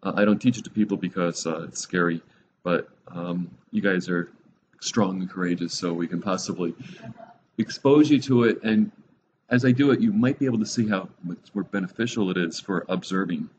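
A man teaching a Bible study class in a classroom, relaxed and rambling, with many fillers and restarts. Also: deep voice, fairly quick. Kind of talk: classroom lecture. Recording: dull lo-fi recording with faint noise.

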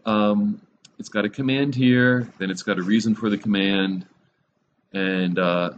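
A man teaching a Bible study class in a classroom, relaxed and rambling, with many fillers and restarts. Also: low voice. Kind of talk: classroom lecture. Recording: dull lo-fi recording with faint noise.

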